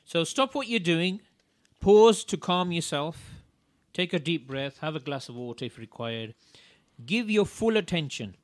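A man co-hosting a radio show, calmly walking listeners through parenting steps and repeating the key points. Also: a little high, unhurried, no echo. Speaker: radio co-host. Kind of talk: parenting advice talk.

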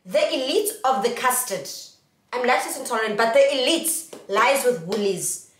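Recorded a little off mic in an echoey room, a young South African woman does a casual haul vlog with a playful, sing-song manner toward her viewers. She has a fairly high, expressive, slightly bright voice at a moderate pace, and the mic is distant.

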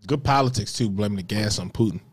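A man co-hosting a podcast who chimes in with quick agreeing interjections during casual political chat. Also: lowish voice, husky. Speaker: podcast co-host.

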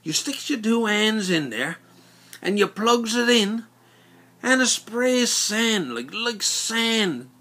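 A man's voice: high-pitched, animated, slow, pushed and bright, pitched above the performer's own voice, exaggerated voice. A man voicing his plainspoken male neighbor, explaining things bluntly.

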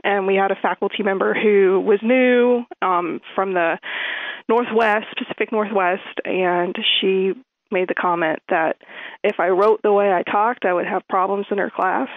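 A woman's voice: mid-range voice, steady tone, a little slow, no room sound. Southern woman on a tinny phone line. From American South. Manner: hesitant, many ums. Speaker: interviewee. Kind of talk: casual interview.

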